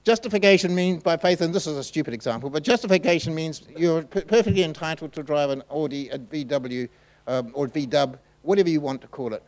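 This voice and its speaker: A man gives a sermon in a relaxed, conversational voice. He often pauses and restarts as he works through his points. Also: on the high side, poor audio. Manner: conversational, halting with fillers and restarts. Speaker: preacher.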